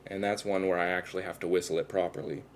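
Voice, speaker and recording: A man's voice: deep voice, level tone, quick pace, a little hiss or hum. A man chatting casually with his viewers on a livestream, rambling and self-deprecating as he talks while tattooing himself.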